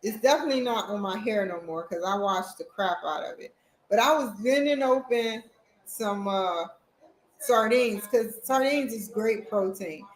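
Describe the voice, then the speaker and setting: A woman's voice: mid-range voice, moderate pace, roomy sound, a little hiss or hum, poor audio. A woman vlogging at home, chatting casually and rambling straight to her viewers. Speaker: vlogger, college student. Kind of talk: casual chat to camera. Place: at home, indoors.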